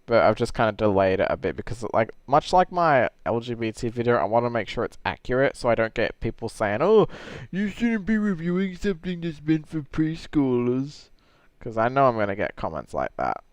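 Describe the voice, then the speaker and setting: A man's voice: fairly low pitch, dry recording. A man hosting a casual Q&A stream, chatting with a friend and laughing easily. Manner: laughs easily, quick and animated. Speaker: host. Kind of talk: casual chat during a livestream Q&A.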